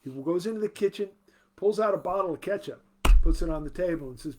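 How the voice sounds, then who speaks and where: A man's voice: high-pitched, darkish tone. A man hosts his own casual show and tells a joke in a loose, rambling way, doubling back over his words. A faint hiss sits under his voice. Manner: rambling, halting storyteller with restarts. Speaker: show host. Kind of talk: casual joke-telling chat.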